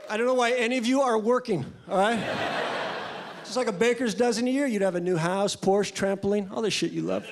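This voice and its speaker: High-voiced, deadpan male stand-up. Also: brisk, gravelly. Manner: deadpan, crude, rambling. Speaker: stand-up comedian. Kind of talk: stand-up comedy set. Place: comedy club stage before a live audience. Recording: live club with loud crowd noise.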